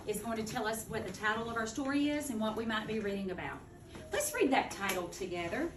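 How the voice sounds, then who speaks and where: A woman teaching a second-grade phonics lesson, speaking clearly and deliberately. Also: mid-range voice. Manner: clear, deliberate teacher talk, slowing to model words. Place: classroom. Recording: echoey classroom from far off, noisy.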